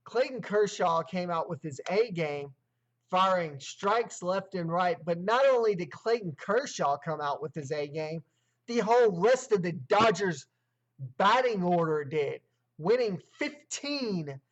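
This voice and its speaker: A man with a high voice hosts a solo sports livestream, rattling off baseball stats in short clipped lists. He then leans into emphatic opinions and repeats his points for weight. The sound is dull and lo-fi. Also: animated, a little slow. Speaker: sports show host.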